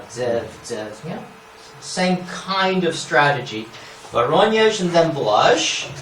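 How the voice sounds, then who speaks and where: A man gives an academic lecture in a lecture hall, explaining scholarly points with asides and frequently checking in with the audience by asking "yeah?" His voice is on the high side and fairly bright. The mic is distant, the hall echoes, and there's a little hiss or hum.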